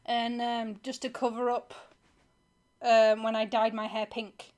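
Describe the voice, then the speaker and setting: A woman's voice: fairly high pitch, little pitch movement, unhurried, a little mellow. A woman co-hosting a casual live stream, chatty and giggly, reading out chat.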